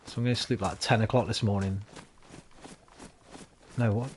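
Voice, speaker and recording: A man's voice: on the low side, steady tone, normal speed, a little hiss or hum. A tired man chatting and rambling casually to his viewers while streaming a game. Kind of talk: casual live-stream chat while gaming.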